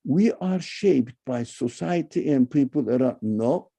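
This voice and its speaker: Emphatic and expressive, a man lectures on religion online and answers questions, with loud, high-pitched bursts and halting non-native phrasing. His voice is gravelly with a breathy edge.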